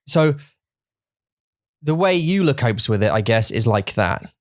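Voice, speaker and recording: A man's voice: mid-range voice, very animated, a little slow, dry recording, studio quality. A man co-hosting a podcast in casual chat, rambling with many restarts and joking, dropping Mandarin phrases into his English. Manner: joking, self-deprecating. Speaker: podcast co-host.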